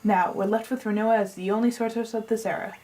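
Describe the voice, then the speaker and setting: A woman with a mid-range, darkish, natural-sounding voice reads game dialogue fast with fairly even intonation, the recording rough. Playing a pompous, eccentric male scientist who lectures through a long plan, she half-commits to a put-on accent and keeps losing it.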